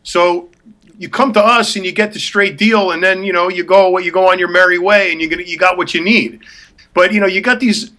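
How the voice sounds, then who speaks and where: A man's voice: sits high, steady tone, brisk, pushed and bright. A man co-hosting a talk show, ranting bluntly and scornfully, repeating himself for emphasis. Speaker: podcast co-host. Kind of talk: opinionated rant.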